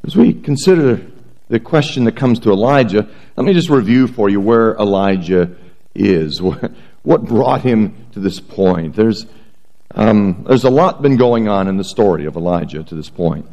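A man preaching a sermon, reading scripture aloud in a measured, earnest way before praying and beginning his message. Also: fairly low pitch, animated, warm tone, low-quality recording. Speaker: pastor.

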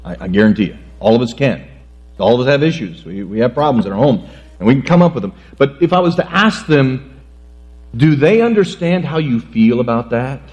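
A man's voice: mid-range voice, lively intonation, a little mellow. Middle-aged guy preaching, folksy n jokey, trips over his words, dull lo-fi sound w mains hum. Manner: folksy and joking, with halting restarts. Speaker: pastor. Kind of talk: sermon.

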